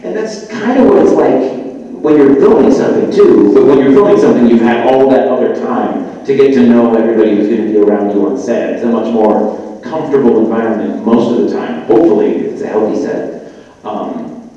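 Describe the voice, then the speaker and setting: A man's voice: mid-range voice, fairly quick, warm tone. A man chatting as a guest on a live panel, rambling with lots of fillers and restarts. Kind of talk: casual live panel chat. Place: live festival stage in a large hall. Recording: echoey hall, far from the mic, lo-fi.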